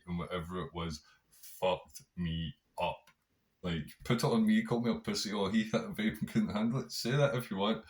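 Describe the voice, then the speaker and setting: Scottish guy on his podcast, fairly low voice, swearing a lot, telling a wild story. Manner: heavy swearing, animated, conversational. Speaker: podcast host. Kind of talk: casual storytelling monologue.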